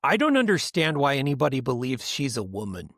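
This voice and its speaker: A man co-hosting a podcast in casual chat, rambling and animated, often mimicking other people's voices for laughs. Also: medium pitch, a little fast, no room sound, clean studio sound. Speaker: podcast co-host.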